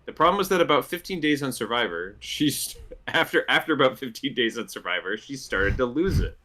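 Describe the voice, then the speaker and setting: A man's voice: mid-range voice, sing-song, a little fast, sharp tone. A man co-hosting a podcast, chatting casually, laughing easily and sometimes reading from a script. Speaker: podcast co-host.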